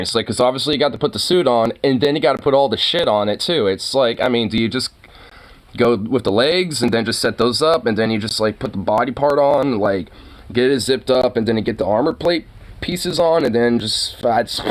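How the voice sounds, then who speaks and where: A man's voice: medium pitch, fairly quick. A young man chatting casually with his viewers, rambling, laughing often and swearing freely. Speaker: streamer.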